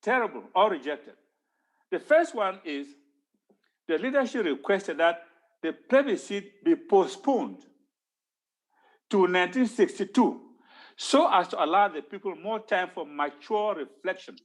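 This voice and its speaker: A man's voice: high voice, expressive, measured pace, long pauses. A man giving an impassioned talk on history at an online town hall, stressing points by repeating words. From Cameroon.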